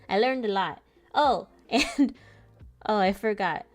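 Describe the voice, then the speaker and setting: A comic artist and channel host takes it slowly while chatting and drawing, her mid-range voice animated over faint background music. She rambles through a travel story and laughs often between sentences.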